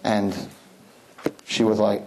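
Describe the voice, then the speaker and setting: A man as a rabbi giving a lively sermon to young women, emphatic, with joking asides and words he repeats as he starts a point. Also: fairly low pitch, slow pace.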